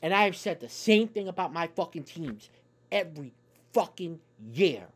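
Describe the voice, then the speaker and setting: A man's voice: a little high, expressive, moderate pace. A man delivering a profane, angry sports fan rant on his YouTube channel, swearing in nearly every sentence.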